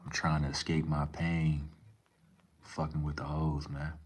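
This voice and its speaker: Very deep flat-voiced male streamer. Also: unhurried, slightly rough. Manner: profane, laid-back, rambling slang. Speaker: live streamer reading chat. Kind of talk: casual livestream chat.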